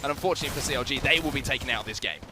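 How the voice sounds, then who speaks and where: A man with a British-sounding accent giving play-by-play esports commentary, energetic and rising on big plays. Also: mid-range voice, racing, noisy background. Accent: British or Australian English. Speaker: esports caster.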